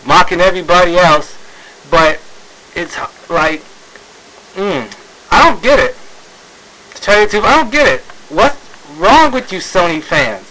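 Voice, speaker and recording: A man's voice: high-pitched, animated, measured pace, long pauses, pushed and bright, slight background noise, rough recording. A man ranting in a video commentary, exasperated, sighing, with many fillers and restarts. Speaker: video blogger.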